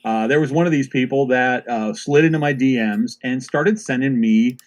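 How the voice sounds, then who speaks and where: A man's voice: mid-range voice, moderate pace. Wry man telling a story on a podcast. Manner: relaxed, wry, filler-heavy storytelling. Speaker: podcast co-host. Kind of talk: casual storytelling chat.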